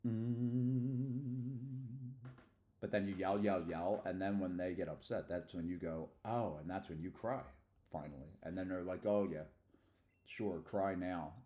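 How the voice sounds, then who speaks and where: Low-voiced rambling male streamer. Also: steady tone, a little slow, mellow. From Philadelphia. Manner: rambling and slangy, loose asides. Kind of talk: casual livestream chat.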